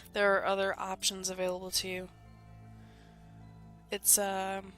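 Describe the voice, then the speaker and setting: A congested woman hosts a gaming video, chatting as she plays. Her voice sits a bit high and sounds bright and sharp. She rambles casually as she reads the game text aloud. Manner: chatty and rambling, with small laughs.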